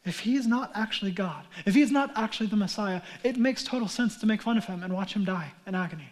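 A man preaching a sermon as pastor, acting out crowd voices and moving from hushed whispers to shouts. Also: sits high, quick pace. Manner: dramatic, acts out mocking crowd voices.

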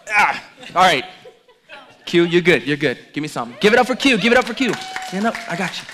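A middle-aged man preaching as a pastor, joking playfully with the congregation during a lively demonstration. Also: sits high, fairly quick. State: out of breath at times. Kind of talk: lively sermon with audience demonstration.

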